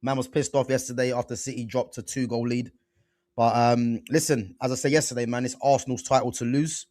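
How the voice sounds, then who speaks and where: A man hosting a casual football chat show, animated and slangy, full of fillers and restarts. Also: medium pitch, fairly quick, no echo. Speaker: football podcast host.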